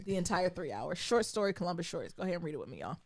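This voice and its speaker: A woman co-host with a fairly low voice that swings widely in pitch. She talks in a loose, slangy, animated way, laughing often as she tells stories. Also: racing. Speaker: podcast co-host. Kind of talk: casual chat.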